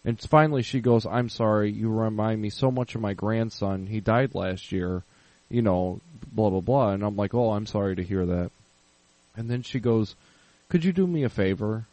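A man's voice: on the low side, fairly even intonation, moderate pace, a little mellow, dry recording, poor audio. A man co-hosting a casual podcast, telling a long prank story with plenty of swearing. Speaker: podcast co-host.

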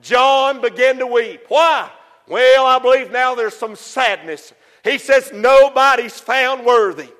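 A man preaching a sermon with passion, rising to shouts for emphasis. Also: very high voice, slow, in a large hall.

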